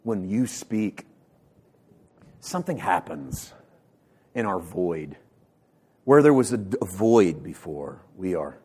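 A male pastor delivering a sermon with passion, swinging from loud bursts to hushed lines and repeating words as he builds emphasis. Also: low-pitched, expressive, slow pace, pauses often, husky. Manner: impassioned preaching with sharp swings from loud to hushed.

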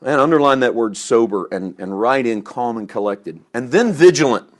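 A middle-aged man preaching a sermon, swinging between loud emphatic lines and quiet asides, chuckling at himself now and then. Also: medium pitch, animated, moderate pace. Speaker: pastor.

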